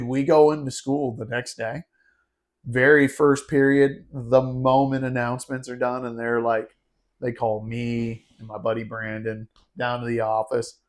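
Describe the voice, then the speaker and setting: A man telling a wild story on a podcast, animated and laughing, calling his cohost "dude" and "bro". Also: mid-range voice. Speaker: podcast host. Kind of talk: casual storytelling chat.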